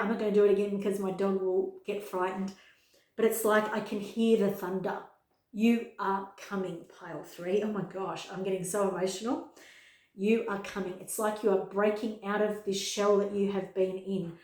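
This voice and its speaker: A woman reads pick-a-card tarot to the camera from a home room, her dog close by, speaking earnestly and repeating important words for emphasis. The medium-pitched voice is a little mellow, captured in an echoey space.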